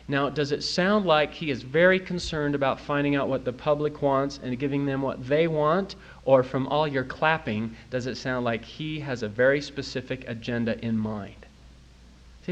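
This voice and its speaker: A man's voice: medium pitch, muffled recording, slight background noise. A man giving a recorded church talk to an audience, telling stories and acting out the people he quotes. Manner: animated storyteller, quotes people in funny voices. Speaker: speaker at a church youth talk.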